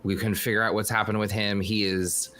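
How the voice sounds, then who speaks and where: A man voicing a calm adventurer, speaking in a measured, persuasive way with a put-on accent. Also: on the low side, a little hiss or hum.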